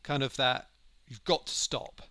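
A man co-hosting a podcast, talking in a halting, reflective way that often trails off. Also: mid-range voice, fairly even intonation, pushed and bright, dry recording. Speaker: podcast co-host. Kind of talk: casual chat.

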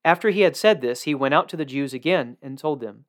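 Man reading scripture, measured, kinda high voice. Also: expressive, a bit bright. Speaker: scripture reader.

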